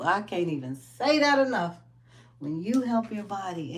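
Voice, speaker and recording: A woman speaks in an animated, laughing way as she gives a casual wellness pep talk. She acts out her stories with plenty of energy, and her voice sits at a middle pitch. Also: moderate pace. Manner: animated storytelling, laughs often, acts out quotes. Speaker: wellness business owner.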